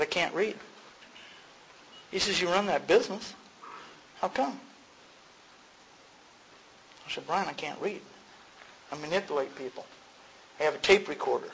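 Storytelling man, slightly high-pitched. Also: gravelly, fairly bright tone, a little hiss or hum, poor audio. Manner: conversational storytelling, frequent "you know", laughs at himself; acts out both sides of dialogues with sudden rises in pitch. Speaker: speaker sharing at a recovery meeting. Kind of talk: personal testimony to a group.

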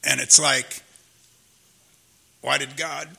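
Gravelly, sharp-toned older man sharing his story. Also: mid-range voice, level tone, slow. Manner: earnest storytelling, repeats himself, frequent "you know?". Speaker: recovery meeting speaker. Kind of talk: personal testimony talk.

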